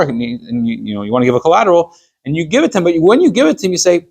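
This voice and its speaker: A man's voice: mid-range voice, expressive, very fast, gravelly, husky. A man, a rabbi, teaching an informal class on Jewish law. He talks conversationally, walking through everyday hypothetical stories and acting out little scenes of quoted dialogue.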